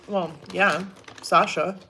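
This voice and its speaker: A woman's voice: fairly low pitch, steady tone, takes it slowly, sharp tone, slight background noise. A woman hosting a casual livestream at home, chatting and answering viewer comments with frequent laughs and trailing asides. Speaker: livestream host.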